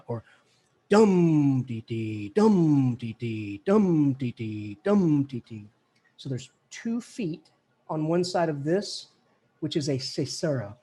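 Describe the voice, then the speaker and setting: A man teaching a college English class, lively and casual, chanting poetic rhythms aloud to show the beat. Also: on the high side, husky. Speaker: English professor. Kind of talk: classroom lecture.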